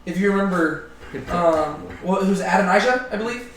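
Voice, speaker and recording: Chatty high-voiced man in an echoey room. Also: normal speed, a bit bright, slight background noise. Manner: chatty, joking, many fillers. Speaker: Bible study leader. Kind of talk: casual group Bible study. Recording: roomy, distant mic.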